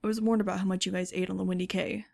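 A tired, matter-of-fact man briefing the group, as a woman narrator reads him. The read is plain and mid-pitched with a gravelly grain. It is audiobook storytelling. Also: little pitch movement, rapid-fire, darkish tone.

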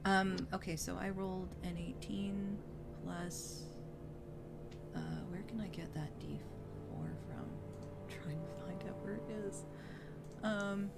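A woman's voice: medium pitch, steady tone, slow pace, gravelly, loud music behind the voice. A woman playing in a tabletop game, thinking aloud in a hesitant way. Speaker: player. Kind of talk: casual tabletop play.

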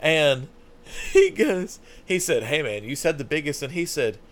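A man's voice: fairly high pitch, measured pace. Young man telling a rowdy story. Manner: animated, laughing, profane anecdote-telling. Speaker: podcast host. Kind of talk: casual storytelling chat.

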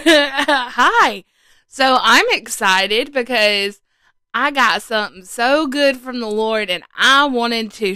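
Bubbly, bright-voiced woman podcaster. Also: fairly high pitch, clean tone, no echo. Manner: bubbly, chatty and self-joking. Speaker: podcast host. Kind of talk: casual faith talk to single listeners. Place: indoors at home, standing.

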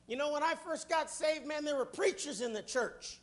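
A middle-aged man preaching a fervent sermon, often rising to shouts and then dropping low. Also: moderate pace, hardly any pauses.

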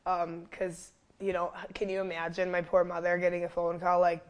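Lively low-voiced woman telling a story. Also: normal speed. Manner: animated, lots of fillers, acts out quotes loudly. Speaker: fitness trainer and wellness coach, guest. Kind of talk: casual storytelling interview.

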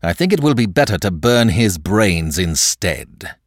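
A stern, commanding young man, as an audiobook narrator voices him. The voice is deep and forceful in its orders, with lively rises. It sounds dry and close. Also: a little slow, dry recording, heavily acted.

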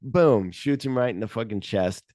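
A man co-hosting a casual movie podcast, retelling scenes in an animated way and acting out lines from the film. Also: medium pitch, moderate pace, no room sound, studio quality. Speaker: podcast co-host.

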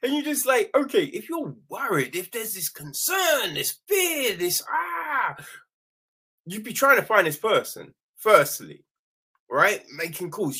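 A man giving a casual spoken film critique, animated, often tossing in "right?" and acting out quick quoted lines, with some swearing. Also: high voice, husky. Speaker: film reviewer.

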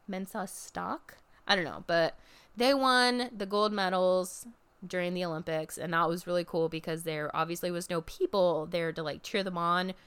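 A young woman in casual chat, recapping a wrestling event. She talks in a lively way and jumps into high mocking voices when she quotes people. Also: clear, resonant tone.

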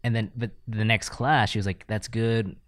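A man's voice: lowish voice, fairly even intonation, normal speed, no room sound, studio quality. A man from the United States hosting a podcast interview, laid-back, telling stories and laughing often. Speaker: podcast host. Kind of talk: casual interview chat.

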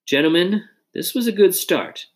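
A man's voice: high voice, big pitch swings, moderate pace, voice pushed up. A man reading aloud and voicing a bold young colonial inventor who gives firm, decisive orders. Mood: commanding.

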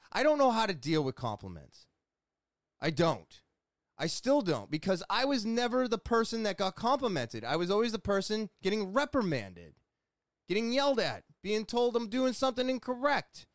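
A man's voice: high-pitched, very animated, moderate pace, no echo, clean studio sound. A man talking in a rambling, earnest, self-deprecating way in a casual video chat from a small room at home. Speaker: vlogger.

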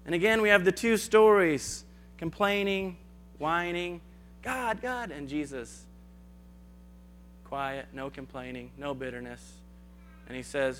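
A man preaching in a relaxed, chatty way, slipping into the voices of the people in the Bible stories. His voice sits a little higher than most men's. A faint hum runs under the recording. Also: takes it slowly, long pauses. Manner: acts out biblical dialogue in casual asides. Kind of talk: conversational sermon.

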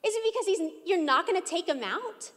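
A woman's voice: very high-pitched, animated, brisk, a bit bright. A woman preacher voicing the Lord as a breezy, needling speaker, asking pointed questions of an adversary. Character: the Lord, casually calling out to an adversary. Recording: echoey hall.

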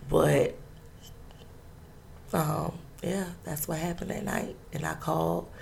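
A woman telling a personal story in an interview, halting and earnest, with many pauses and restarts. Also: low-pitched, steady tone, vocal fry, a little mellow, a little hiss or hum.

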